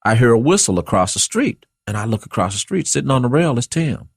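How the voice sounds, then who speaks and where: A man from St. Louis in a casual group discussion, telling neighborhood stories in a measured, reminiscing way. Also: mid-range voice, very animated, gravelly, breathy edge, no room sound, clean studio sound. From St. Louis, USA. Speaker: discussion panelist.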